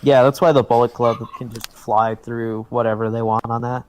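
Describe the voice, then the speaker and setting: Excitable, swearing podcast co-host man. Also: medium pitch, normal speed. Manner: excitable, emphatic, swears freely. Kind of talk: casual chat.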